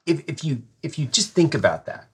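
A man's voice: fairly high pitch, sing-song, brisk, husky. A man hosting a podcast, telling a rambling story and swearing freely in casual chat.

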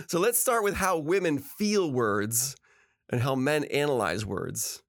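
A man's voice: fairly high pitch, lively intonation, slow. A middle-aged man hosting a talk, giving earnest, emphatic relationship advice and laughing often. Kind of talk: casual motivational talk.

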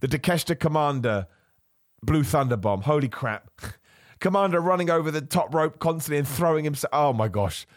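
A man hosting a podcast, ranting in animated casual chat, laughing often and nursing a cough. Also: fairly high pitch, moderate pace, dry recording, studio quality. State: has a cough. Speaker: podcast host.

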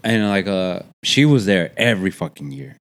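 A man's voice: sits low, expressive, normal speed, fairly bright tone, slight background noise. Laid-back swearing man, casual chat. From Texas. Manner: laid-back, swears a lot, laughs often.

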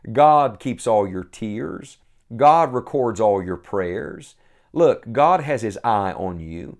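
A man preaching a sermon, earnest and emphatic, slowing down to stress key phrases and reading scripture aloud. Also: lowish voice.

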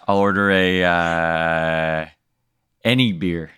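A man plays along in an improvised game, hesitating and asking bemused questions. His voice is lowish with a bright, forceful edge. The sound is close and dry. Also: fairly even intonation, takes it slowly, clean tone, no room sound. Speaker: player. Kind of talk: improvised role-play chat.

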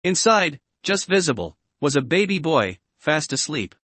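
A man with a voice somewhat high for a man reads a storybook aloud audiobook-style, steady and expressive at normal speed. The recording is dry and close, with no echo or sense of a room.

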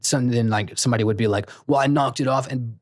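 A man's voice: medium pitch, fast talker, dry recording, studio quality. A young man co-hosting a casual podcast, talking in a laid-back way and telling loose stories. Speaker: podcast co-host.

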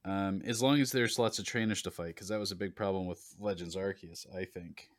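A man hosting a casual gaming podcast, relaxed and joking, with lots of fillers. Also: low voice, fairly quick, no echo, clean studio sound. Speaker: podcast host.

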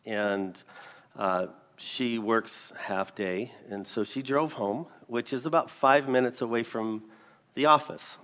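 A man preaching a sermon, mixing scripture with a personal story. He speaks earnestly and gets emphatic, with sudden loud bursts on key lines. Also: medium pitch, slow. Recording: long reverb of a large hall.

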